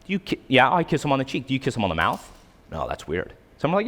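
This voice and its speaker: A young man preaches from a church stage, his voice rising and falling lively as he jokes and acts out little quotes. His voice rings out with a long hall reverb around it. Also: mid-range voice, fast. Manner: animated storytelling, acting out quotes. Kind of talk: casual sermon with humor.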